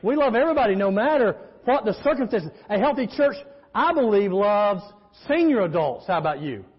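Preaching from a church sanctuary, this pastor speaks a little fast in a high voice with big pitch swings and a breathy edge. He is emphatic, leaning on storytelling and call-and-response, while the hall echoes and the sound comes through muffled.

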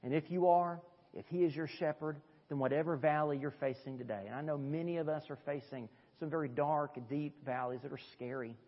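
A male pastor delivers a sermon, his slightly high voice sinking to quiet, low passages and then rising to emphatic peaks. He preaches in a church sanctuary, and the long reverb of the hall trails behind his words. The recording sounds somewhat dull and muffled. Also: steady tone, a little fast. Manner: wide swings between soft low passages and raised emphatic peaks.

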